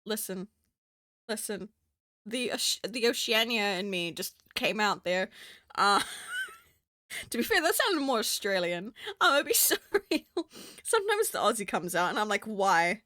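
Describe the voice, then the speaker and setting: A woman's voice: medium pitch, big pitch swings, normal speed, sharp tone, dry recording, studio quality. A woman from New Zealand with a Kiwi accent, chatting casually on a stream and laughing often at herself. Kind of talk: casual stream chat while drawing.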